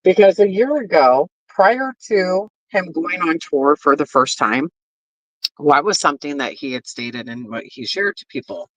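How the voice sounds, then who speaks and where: A woman's voice: sits low, lively intonation, unhurried, no echo. Blunt, swearing woman ranting to viewers. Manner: blunt, heavy swearing, many fillers; addresses viewers directly. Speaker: commentary streamer. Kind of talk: casual opinion rant. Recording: dull lo-fi stream audio.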